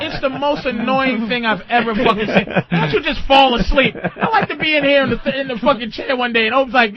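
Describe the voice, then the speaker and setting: A man hosting a crude comedy radio show, swearing, laughing and taking calls. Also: very high voice. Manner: profane, laughing, acts out bits. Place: radio studio. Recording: muffled radio broadcast with music under.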